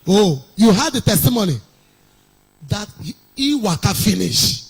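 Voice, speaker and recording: Husky Nigerian woman preaching sing-song. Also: medium pitch, very animated, measured pace, low-quality recording. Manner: sing-song preaching cadence, reads scripture aloud. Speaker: pastor. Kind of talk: sermon.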